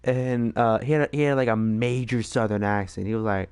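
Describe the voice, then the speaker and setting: A man's voice: mid-range voice, normal speed, a little mellow, clean tone, dry recording. Guy rambling late at night, lots of ums and laughs, dead dry mic. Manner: rambling, laughing, many fillers. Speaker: streamer host. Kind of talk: late-night casual chat.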